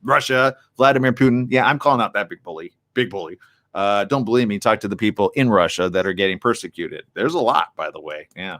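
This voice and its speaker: Male morning host, animated and excitable, riffs hard, reads out chat comments. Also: lowish voice, fairly quick. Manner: reads viewer comments aloud. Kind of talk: live streamed talk show chat.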